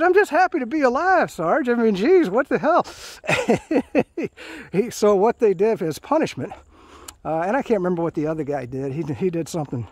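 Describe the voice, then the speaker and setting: A man's voice: on the high side, mellow, dry recording. A man in his fifties telling his own Marine stories in a rambling, casual way, full of fillers and restarts, as he hikes along a trail. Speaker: Marine veteran storyteller. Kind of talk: casual spoken storytelling. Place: outdoors on a hiking trail. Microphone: phone held while walking.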